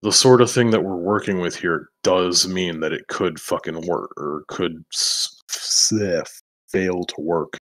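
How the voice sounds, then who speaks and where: Low-voiced and a little slow, with a somewhat bright tone, this man is at a tabletop role-playing game. His talk is loose and rambling, full of swearing and laughter between lines, shifting between in-character and out-of-character chat.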